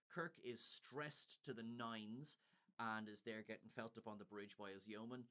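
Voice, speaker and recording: A man's voice: fairly low pitch, steady tone, measured pace, fairly bright tone, smooth. A man co-hosting a podcast, recapping an episode in casual chat with wry, sardonic asides. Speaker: podcast co-host.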